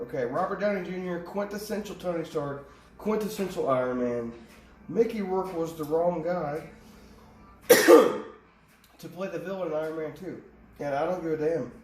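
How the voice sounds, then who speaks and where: A man's voice: fairly high pitch, darkish tone. A man giving a casual tarot reading, rambling off on tangents and swearing casually. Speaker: tarot reader. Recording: echoey room, distant mic, faint ambience.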